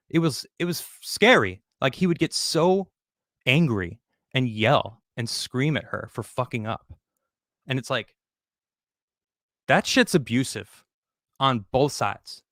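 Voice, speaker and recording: A man recounting events in a frank, profane, conversational way, often stopping and restarting his sentences. His voice sits at a middle pitch. The recording is close and dry, with no room sound. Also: expressive, fairly bright tone, dry recording. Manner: blunt and profane, halting restarts. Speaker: podcast guest recounting his exit from a show. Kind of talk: candid conversational storytelling.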